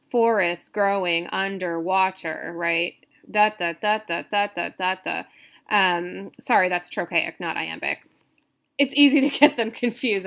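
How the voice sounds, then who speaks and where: A woman's voice: fairly low pitch, vocal fry, fairly bright tone. A woman teaching a poetry class in a recorded lecture, thinking aloud, hesitant and often correcting herself. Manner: counts stresses aloud. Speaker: poetry instructor. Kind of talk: recorded screen-share lecture.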